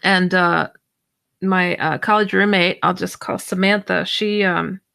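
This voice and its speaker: A woman guest and paranormal researcher telling a personal story in an animated, rambling way, full of false starts, her pitch leaping up when she acts out her own reactions. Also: measured pace, creaky, smooth. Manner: excitable, jumps high when acting out her own reactions. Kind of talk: animated personal storytelling in an online audio chat.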